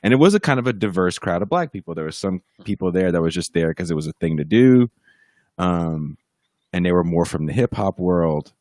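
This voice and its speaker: This podcast guest, a musician in a band, tells a story casually, swearing freely and putting on other people's voices whenever he quotes them. His voice sits low and is expressive, fairly quick, and a little mellow. It's a dry podcast mic heard over a livestream.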